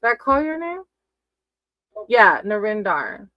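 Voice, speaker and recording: A woman's voice: mid-range voice, sing-song, takes it slowly, dry recording, highs cut off. A woman giving casual live-stream tarot readings, chatty and affectionate, calling her viewers sweetie and baby. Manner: chatty, reads names off a list.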